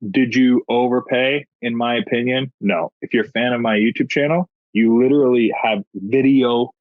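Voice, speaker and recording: A man chatting as a podcast guest, telling animated, joking stories. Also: medium pitch, normal speed, no room sound. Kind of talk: casual chat. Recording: dull lo-fi dry sound.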